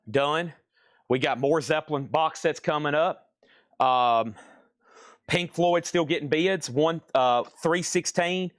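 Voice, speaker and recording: A man hosting a live online record sale in a room full of record crates, energetically rattling off bids and prices in a fast selling patter. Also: mid-range voice, fairly bright tone, dry recording, studio quality. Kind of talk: live sales stream patter.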